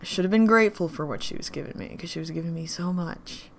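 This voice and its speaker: An actress playing a drunk woman in an audio drama monologue, grieving and bitter, her voice shifting between whispers and louder outbursts. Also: fairly low pitch, fast, slight background noise, lightly acted. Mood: angry.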